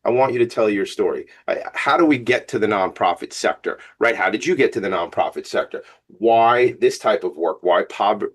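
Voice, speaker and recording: Excitable Long Island radio host, man. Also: lowish voice. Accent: Long Island New York. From Long Island, New York. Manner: excitable, rambling, jokey. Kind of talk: casual radio talk. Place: radio studio.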